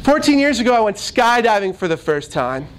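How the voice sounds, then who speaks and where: A man voicing a blunt, matter-of-fact middle-aged male skydiving instructor, speaking lower than his usual voice. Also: very animated, brisk, clear, resonant tone, low-quality recording.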